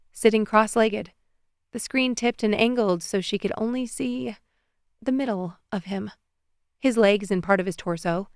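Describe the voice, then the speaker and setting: A woman reading a romance novel aloud as an audiobook narrator, even and measured. Her voice is smooth and resonant at a middle pitch. It is recorded close and dry, with no room sound. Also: no echo.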